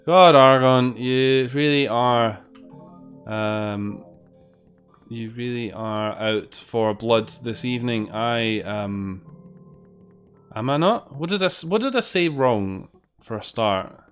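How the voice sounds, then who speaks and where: Casting: British male streamer, mid pitch, sarcastic and sweary, chatting with viewers over a game, faint music underneath. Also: slow pace, a bit bright. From Britain. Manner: sweary, sarcastic banter with chat. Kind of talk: casual gameplay commentary.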